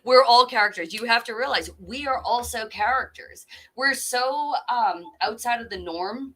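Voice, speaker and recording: Chatty woman cohost, bright tense voice, laughs a lot, rambles off topic. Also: on the high side, normal speed. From Boston area. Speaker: podcast co-host. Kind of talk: casual chat.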